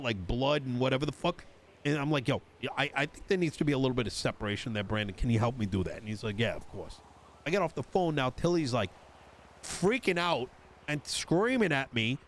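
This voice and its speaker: A man's voice: on the high side, sing-song, normal speed. Exasperated swearing man ranting in roleplay. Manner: exasperated, swearing, retelling an argument with quoted dialogue. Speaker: roleplayer voicing a politician character. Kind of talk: in-character roleplay chat.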